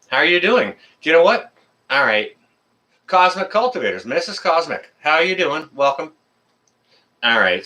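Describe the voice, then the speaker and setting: A man's voice: medium pitch, bright, forceful tone. A man from Canada hosting a casual live stream, greeting viewers by name in a friendly, rambling way with many fillers.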